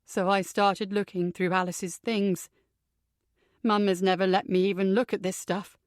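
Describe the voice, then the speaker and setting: A woman voicing a troubled young man who speaks quietly, flatly and bitterly. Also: medium pitch, unhurried, no echo, studio quality, lightly acted.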